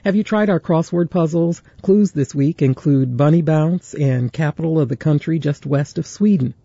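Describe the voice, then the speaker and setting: A man reading scripted station announcements, sponsor notes and weather in a smooth announcer manner. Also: a little high, moderate pace, warm tone, dry recording, highs cut off.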